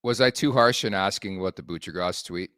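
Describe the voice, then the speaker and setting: A Canadian man co-hosting a hockey podcast in a loose, profane, joking way. His voice sits low. The sound is dry and close, with no room around it. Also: fairly quick, bright, forceful tone, dry recording. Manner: profane, blunt, laughing asides. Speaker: podcast host. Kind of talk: casual sports chat.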